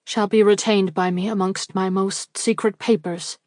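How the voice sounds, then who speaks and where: A woman voicing a grieving, formal gentleman who speaks in a measured way. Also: mid-range voice, fairly even intonation, dry recording, studio quality, natural voice. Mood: grave.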